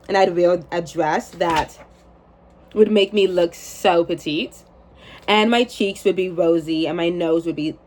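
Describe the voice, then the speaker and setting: A woman in her twenties chatting casually and reading aloud from her journal, swearing and laughing at herself. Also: on the low side. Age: 20s.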